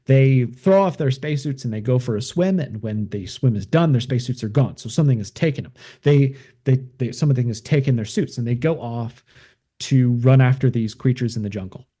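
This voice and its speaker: A male podcast host casually retells a film's plot, rambling and using lots of fillers. His mid-range voice is mellow and a little fast.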